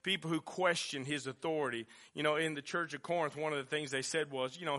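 A male pastor, preaching a sermon with passion, dropping to a hush and then rising loud again. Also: fairly high pitch, fast, few pauses. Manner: impassioned preaching, swinging from hushed to loud.

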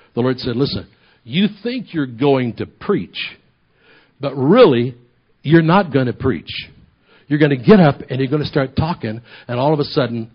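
A man with a husky, breathy voice preaches a sermon. He tells his stories with animation, acting out the voices and repeating phrases for emphasis. The recording sounds dull and lo-fi. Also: mid-range voice. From Oklahoma ministry, United States. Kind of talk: sermon storytelling.

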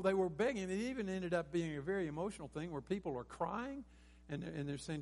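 A man's voice: high-pitched, a little fast, a little mellow. A man preaching a sermon as pastor, earnest and rising to emphatic peaks, with frequent restarts. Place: church sanctuary.

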